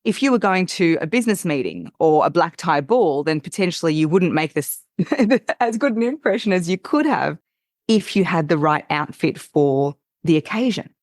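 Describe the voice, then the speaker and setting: Brief: woman, voice coach, lower pitch, expressive teacherly delivery, dry close sound. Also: moderate pace, no echo. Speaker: voice coach guest. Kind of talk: casual podcast chat.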